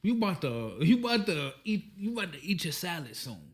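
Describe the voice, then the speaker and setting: A man's voice: high-pitched, sing-song, brisk. A man hosting a podcast, chatting casually in a blunt, profane, joking way. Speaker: podcast host. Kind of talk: casual chat.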